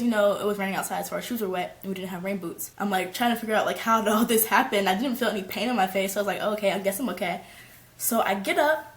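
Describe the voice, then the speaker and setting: A young woman vlogger telling a story in a casual, slangy, animated way, shrieking when she quotes people. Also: mid-range voice, roomy sound. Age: young adult. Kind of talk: storytime vlog.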